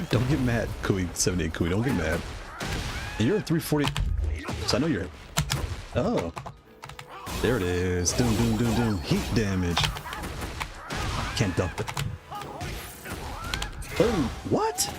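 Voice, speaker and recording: A man with a low voice gives live commentary while he plays a fighting game, and his pitch swings widely as he jumps from calm remarks to sudden yelps. He teases his opponent playfully between hits. Loud music plays behind him the whole time. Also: a little slow, pauses often. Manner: playful trash-talking, excitable exclamations. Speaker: streamer playing a fighting game.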